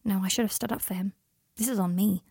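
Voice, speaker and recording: A woman voicing a guilt-ridden young man who speaks quietly, often in a half whisper, with a dry close sound. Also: medium pitch, fairly even intonation, fast talker, breathy edge, no room sound. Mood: subdued.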